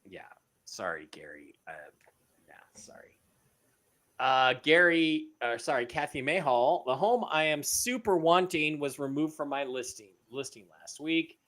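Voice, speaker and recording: Male co-host for a live stream, lively pitch, bright voice, reads out viewer questions. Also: measured pace. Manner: reads donor messages aloud, animated.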